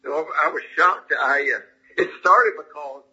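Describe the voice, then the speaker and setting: A man's voice: a little high, measured pace, bright, forceful tone, slightly rough. A middle-aged man with a thick Southern US accent, telling a story as an interview guest in a folksy, good-natured way. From Georgia, US South. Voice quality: thick drawl. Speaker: comedian guest. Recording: slightly dull lo-fi audio.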